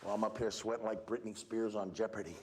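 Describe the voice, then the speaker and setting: A man giving a motivational talk to students at a school assembly, animated and breaking into shouts. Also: lowish voice, quick pace, noisy background. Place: large school hall. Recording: reverberant hall with audience.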